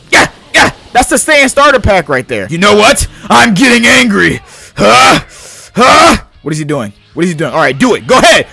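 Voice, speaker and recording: A young adult man giving casual let's-play commentary, slangy and excitable, hyping and yelling at the game as he plays. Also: high voice. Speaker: gaming YouTuber.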